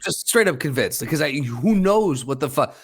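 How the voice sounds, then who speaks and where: A man's voice: a little high, expressive, normal speed, breathy edge. A man co-hosting a podcast in casual chat, speaking candidly and swearing freely. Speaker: podcast co-host.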